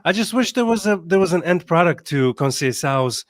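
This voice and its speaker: A man hosts a casual football podcast, chatty and quick with a joke. His voice is mid-pitched, and the recording is dry, with little room sound. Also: lively intonation, no room sound. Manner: jokey and chatty. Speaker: podcast host.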